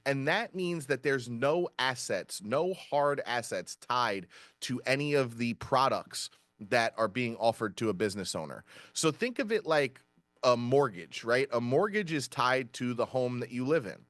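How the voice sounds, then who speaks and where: A man's voice: mid-range voice, expressive, measured pace, a bit bright, dry recording. Upbeat man with a dry sound. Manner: upbeat, peppers sentences with "right?". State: out of breath. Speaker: company VP presenting a webinar. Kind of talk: energetic webinar presentation.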